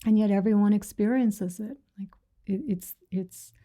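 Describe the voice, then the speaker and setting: Woman meditation teacher, dark tone, even delivery, soft and reassuring, slips into whispers. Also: medium pitch, moderate pace. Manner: gentle, reassuring, soft-spoken; retells stories with quoted voices. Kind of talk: dharma talk to a sangha.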